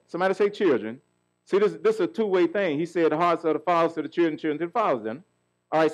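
A high-pitched middle-aged man leads a sermon as pastor, throwing out questions that the congregation answers in call-and-response fashion. The recording quality is low.

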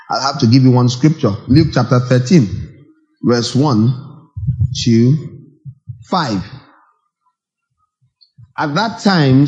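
A man preaching a sermon, animated, with rhetorical questions and acted asides. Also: a little high, poor audio.

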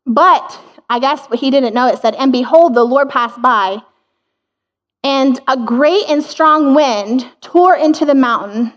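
Earnest high-voiced woman sharing a devotional. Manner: earnest, chatty, laughs between thoughts. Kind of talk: informal devotional talk. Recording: dull lo-fi sound.

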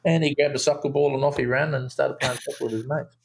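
A man's voice: mid-range voice, fast talker, gravelly. A man, a film director, telling a story in a casual interview, with lots of restarts. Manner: animated storyteller, acts out quotes, many restarts.

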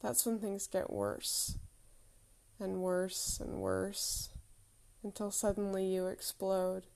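Candid gravelly-voiced woman telling a story. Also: medium pitch, little pitch movement, slow pace, darkish tone. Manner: candid, reflective, self-deprecating. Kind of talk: personal storytelling.

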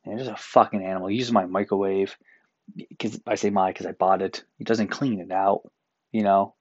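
A man's voice: low voice, fairly even intonation, normal speed, darkish tone, slightly rough, no echo, dull audio. A man from Newfoundland hosting a solo podcast, ranting in an exasperated, profane way. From Newfoundland, Canada. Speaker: podcast host. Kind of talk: casual solo podcast rant. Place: apartment room.

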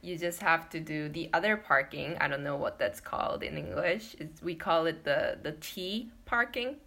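A woman in casual chat who explains things calmly and pauses a little as she goes. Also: deep voice. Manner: calm, explanatory, a little halting.

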